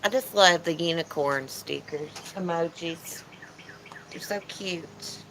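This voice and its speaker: A woman's voice: fairly low pitch, slow, noisy background. A woman hosting a casual livestream chat from her porch, teasing and reading comments aloud. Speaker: channel host. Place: porch outdoors.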